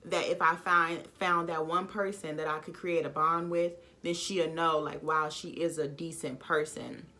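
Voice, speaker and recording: A young woman telling a casual storytime vlog from home, animated and blunt, with sassy asides to her viewers. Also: fairly low pitch. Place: home, dog snoring nearby.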